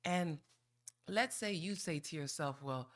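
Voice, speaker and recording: A woman's voice: on the low side, lively intonation. Playful folksy woman at a council podium. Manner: playful, folksy and teasing, with drawn-out "ooh" exclamations. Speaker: resident giving public comment. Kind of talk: informal public comment at a council meeting.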